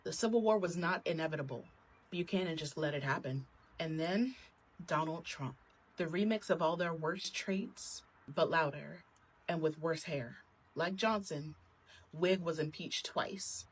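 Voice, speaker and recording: A woman's voice: low-pitched, measured pace, slightly rough, poor audio. A woman giving a sarcastic, punchy scripted narration.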